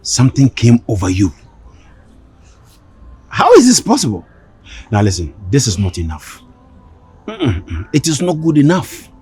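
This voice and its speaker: A man's voice: mid-range voice, wildly swooping pitch, unhurried, long pauses, darkish tone, breathy edge, faint music behind, exaggerated voice. A man playing a stern scolding principal. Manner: scolding, repeats himself. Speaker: school principal. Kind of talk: drama acting.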